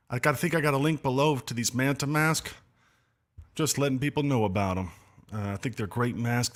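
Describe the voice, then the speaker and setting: A mid-pitched man hosts a casual livestream chat, a little winded. He rambles, apologizes and fills gaps with ums and uhs as he greets viewers. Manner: rambling, apologetic, loose with many fillers. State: slightly out of breath. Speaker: livestream host.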